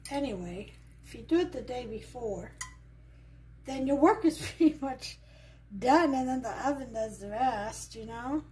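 Chatting easily as she cooks at home, this cooking show host has an accent that mixes Southern US with New York. Her fairly high voice is animated and a little mellow, moving at a measured pace.

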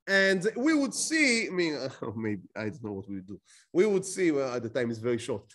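Male lecturer, fairly high, very lively pitch, asks the class questions as he explains. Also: moderate pace. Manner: explains with rhetorical questions, frequent restarts. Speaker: teacher.

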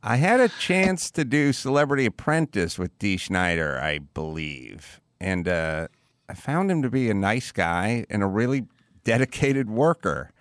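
A man's voice: on the low side, big pitch swings, measured pace, no echo, clean studio sound. A man hosting a podcast, interviewing a guest in a laid-back, wry way. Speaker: podcast host. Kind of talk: casual interview.

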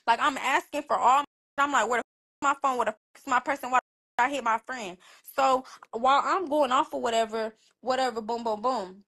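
High-voiced woman telling a wild story. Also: fairly quick. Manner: animated, profane, acts out quoted dialogue. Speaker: livestream host. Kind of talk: casual storytelling on a livestream. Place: bedroom. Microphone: phone.

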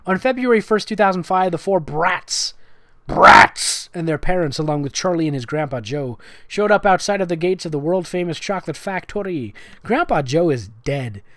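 A sarcastic comedic reader mocking fan fiction as they read. Their pitch swings about a lot, and the voice is recorded dry and close with almost no room sound. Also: lively intonation, fairly quick, hardly any pauses, no room sound. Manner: sarcastic, mocking, self-correcting asides. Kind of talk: comedic reading with sarcastic commentary.

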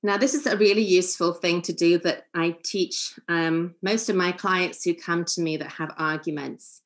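Calm lecturing woman, low-toned. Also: normal speed. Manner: calm, earnest, acts out short example lines. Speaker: family therapist giving a seminar talk. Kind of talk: seminar lecture.

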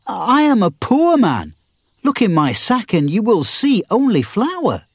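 A man voicing a bold, quick-tempered young male miller in a storybook reading, pitching his voice up high. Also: big pitch swings, husky, no echo, studio quality. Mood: pleading. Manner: high-pitched, shouting when angry.

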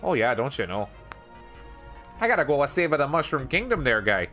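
A man's voice: medium pitch, sing-song, moderate pace, bright, forceful tone, soft background music. A man putting on a folksy, drawling Canadian accent as a joke version of a famous plumber. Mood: joking. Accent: put-on Canadian.

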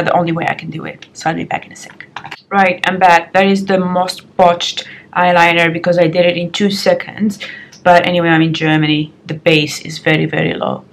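A woman's voice: lowish voice, fairly bright tone, slight background noise. A young woman vlogging frankly and chattily as she does her makeup at home, recorded on the compact camera's built-in mic. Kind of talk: get-ready-with-me advice vlog.

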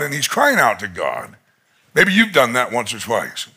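A man preaching a conference sermon, retelling a story dramatically and acting out its voices, rising to shouts at its peaks. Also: medium pitch, wildly swooping pitch, moderate pace, gravelly, breathy edge. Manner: shouts in climactic moments. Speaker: pastor. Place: conference hall.

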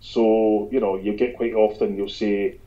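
Man, Scottish accent, author guest, animated storyteller, sweary, muffled lo-fi sound. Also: on the low side, measured pace. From Scotland. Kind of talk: casual interview chat. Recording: dull lo-fi sound.

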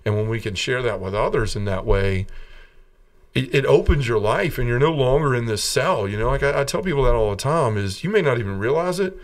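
A man, a podcast guest, earnestly telling his personal testimony as a lively storyteller. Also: mid-range voice, fairly quick, recorded from a distance.

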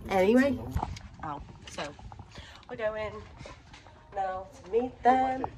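A woman's voice: mid-range voice, takes it slowly. A young woman vlogging on a cruise ship, chatting to camera in a casual, laughing way with plenty of swearing. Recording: noisy background.

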